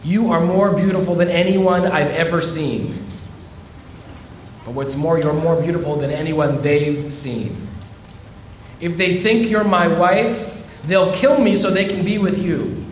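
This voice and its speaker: Man doing anxious ancient patriarch, hushed urgent pleading, roomy echo. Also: a little high, a little slow, a little hiss or hum, natural voice.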